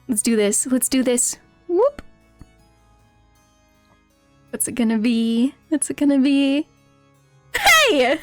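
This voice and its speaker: A woman's voice: high voice, dry recording. A woman streamer chatting casually with her viewers during a game, giggling constantly and reacting playfully. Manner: giggly, laughs constantly between lines.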